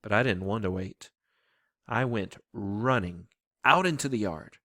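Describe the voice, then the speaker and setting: A man reads a children's novel aloud with an expressive, storytelling delivery. His voice rises and falls a great deal. The recording is close and dry, without room sound. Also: lowish voice, a little slow, no room sound. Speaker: storybook reader.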